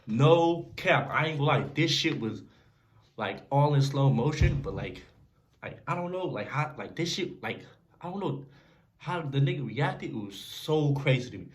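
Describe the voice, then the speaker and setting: A young man casually telling a story to camera in a slangy, animated way, often checking in with the listener. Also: medium pitch, normal speed, long pauses. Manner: animated, slangy storytelling with frequent "you feel me". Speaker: vlogger.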